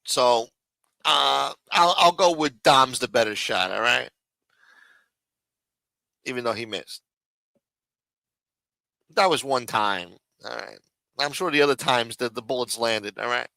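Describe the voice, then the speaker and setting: A man's voice: mid-range voice, measured pace, gravelly, long pauses, bright, forceful tone, no echo, rough recording. A man hosting a live stream, ranting and mocking in casual, profanity-heavy talk. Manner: profane, mocking, rambling rant.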